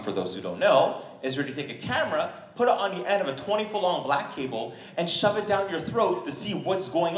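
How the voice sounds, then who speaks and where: A man doing a stand-up comedy set, animated and acting out characters with sudden high squeals. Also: roomy sound. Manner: animated, acts out characters with wild pitch jumps and high squeals. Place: comedy club stage, live audience laughing.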